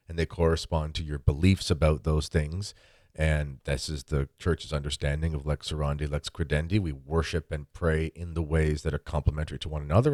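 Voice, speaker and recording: A man's voice: a bass voice, darkish tone, no echo, studio quality. A man hosting a podcast, talking in a casual chat style with emphatic bursts. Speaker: podcast host.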